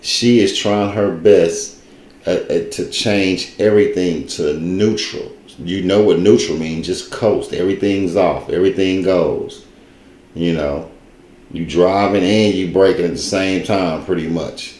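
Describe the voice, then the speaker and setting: A man's voice: low-pitched, steady tone, a little slow, a little mellow, echoey room. A man giving loose, casual commentary, rambling and correcting himself as he goes. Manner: rambling, informal, restarts and self-corrections. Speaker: video commentator.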